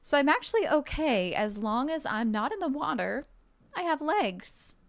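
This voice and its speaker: A woman game streamer chatting casually with her viewers while playing, bubbly and excitable, playful and joking. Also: high-pitched, normal speed, creaky. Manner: bubbly and excitable, with gasps and giggles; playful, jokes and role-plays as a mermaid.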